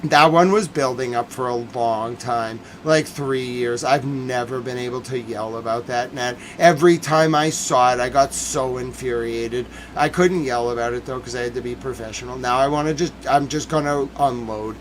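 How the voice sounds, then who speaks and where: A man's voice: medium pitch, moderate pace, few pauses, slight background noise, low-quality recording. A young man ranting in an exasperated, heated way as host of a casual talk stream. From Boston area, United States. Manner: heated, exasperated rant with frequent swearing and shouting.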